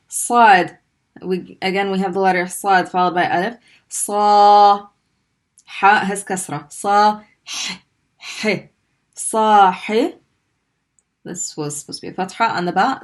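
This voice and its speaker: A woman teaching a recorded online language lesson, patiently sounding out syllables slowly between brisk explanations. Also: mid-range voice.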